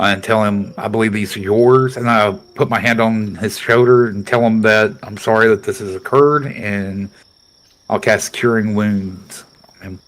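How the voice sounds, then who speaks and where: A man with a lower voice describes what his character does, calm and unhurried, pausing on fillers between actions. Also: poor audio. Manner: calm, halting. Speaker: player.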